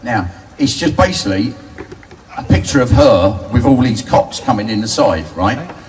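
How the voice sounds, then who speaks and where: An older Englishman in a bar tells crude, cheeky stories to a live audience, laughing at his own jokes in a mid-range voice with lively intonation at normal speed. The live recording is distant, with background noise.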